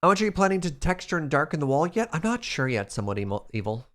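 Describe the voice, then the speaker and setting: Speaking fast in a voice on the high side, a man plays a building game on stream. He keeps up lively, playful talk with his viewers throughout.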